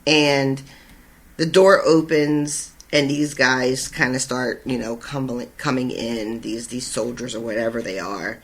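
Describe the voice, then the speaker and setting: A podcast co-host chatting casually about a book chapter, excited and swearing freely. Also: mid-range voice, a little slow. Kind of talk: casual chat recapping a book.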